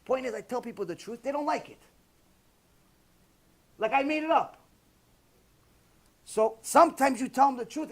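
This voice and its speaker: A man giving a Torah lecture as a rabbi, emphatic, repeating key phrases and firing rhetorical questions. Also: sits high.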